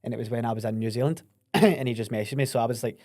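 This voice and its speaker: A man's voice: mid-range voice, racing, a little mellow, no room sound, studio quality. A man hosting a podcast, telling stories in casual chat with lots of energy and swearing. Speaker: podcast host.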